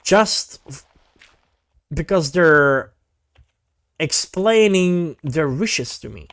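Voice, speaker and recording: A man's voice: a little high, expressive, drawn-out words, fairly bright tone, no room sound. A man streaming, chatting casually and animatedly about online drama, swearing freely and saying "mate".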